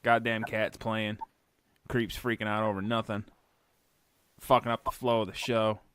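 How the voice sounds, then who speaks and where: A man's voice: fairly low pitch, little pitch movement, normal speed, a bit bright, clean tone, no room sound. A man co-hosting a casual podcast chat, teasing his co-host and narrating what she does.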